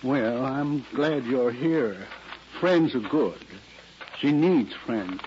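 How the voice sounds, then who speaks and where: An actor playing a friendly, folksy farm owner who talks in a rambling way, in 1940s radio acting style. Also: male voice, mid-range voice, extremely slow, slight background noise. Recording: lo-fi old radio recording with music.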